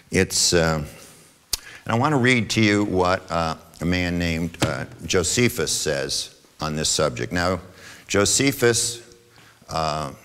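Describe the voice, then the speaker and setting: Man, very deep voice, church forum talk, conversational lecturing, lots of fillers and restarts, reverberant hall. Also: a bit bright, clear, resonant tone. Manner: conversational lecturing with frequent fillers and self-corrections; reads quotations aloud from notes. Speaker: adult forum presenter. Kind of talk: church adult education talk. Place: church meeting room.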